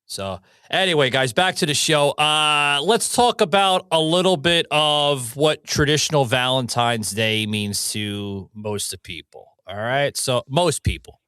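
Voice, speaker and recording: A man's voice: mid-range voice, unhurried, hardly any pauses, bright, forceful tone, clear, resonant tone, no echo. Brash teasing man, dry close sound. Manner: brash, teasing, swears casually. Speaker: podcast host. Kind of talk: casual chat.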